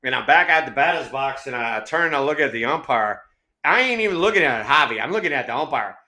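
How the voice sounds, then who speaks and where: A middle-aged man co-hosting a baseball talk show, telling profane, animated stories and acting out quotes. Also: medium pitch, quick pace, roomy sound. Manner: animated, swears freely, acts out quotes. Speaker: co-host, former ballplayer.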